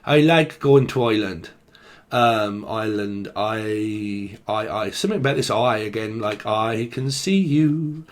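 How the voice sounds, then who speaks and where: A man's voice: fairly low pitch, measured pace. A young man with a London-area English accent, giving a rambling, swear-filled casual tarot reading. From Britain. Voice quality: swears a lot, slangy and rambling. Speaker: tarot reader. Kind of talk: casual tarot channelling monologue.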